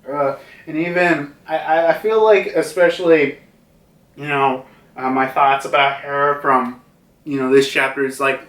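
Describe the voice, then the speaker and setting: A man's voice: a little high, fairly even intonation, measured pace, fairly bright tone. A man casually reviewing a comic chapter, rambling with many fillers and restarts. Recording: roomy, distant from mic.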